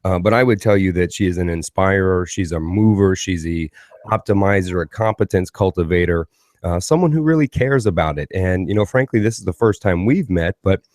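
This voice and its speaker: Low, dry-voiced rambling male podcast host. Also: lively intonation, brisk, a little mellow, no room sound. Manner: rambling, self-mocking, caffeinated. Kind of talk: casual podcast intro and chat.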